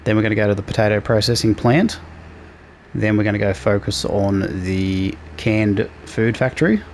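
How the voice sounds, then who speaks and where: A man hosting a casual let's play, relaxed and talking through each task as he plays. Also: lowish voice, moderate pace, slight background noise. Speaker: gaming channel host.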